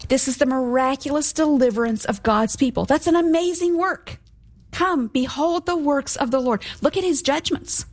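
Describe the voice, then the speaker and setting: Woman giving slow, emphatic Bible teaching. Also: high-pitched. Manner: slow, emphatic scripture reading.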